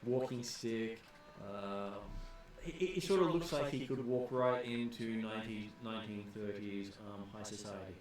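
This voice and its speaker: A man's voice: lowish voice, normal speed. A man narrating as game master of a tabletop game, hesitant and full of fillers. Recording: echoey room, far from mic.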